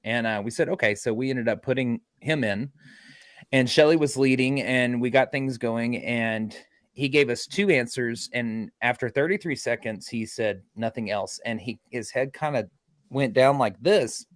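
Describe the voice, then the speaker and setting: A man's voice: medium pitch, moderate pace, dry recording. A man recounts investigation stories with eager energy, throwing himself into the quoted lines. His voice sits mid-range and sounds close and dry, with no room around it. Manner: excited, acts out quotes loudly. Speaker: paranormal investigator guest. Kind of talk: animated storytelling in a podcast interview.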